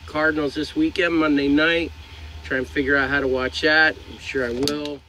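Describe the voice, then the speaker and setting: A man's voice: a little high, flat delivery, moderate pace, sharp tone, a little hiss or hum, poor audio. A young man who drives trucks, giving frank, rambling advice to viewers, swearing now and then. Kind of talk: casual advice vlog. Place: inside a truck cab.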